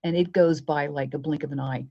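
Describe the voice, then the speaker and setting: Husky, low-voiced woman giving media advice. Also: brisk, highs cut off. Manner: lively, acts out quoted exchanges. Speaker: media coach guest. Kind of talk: podcast interview advice.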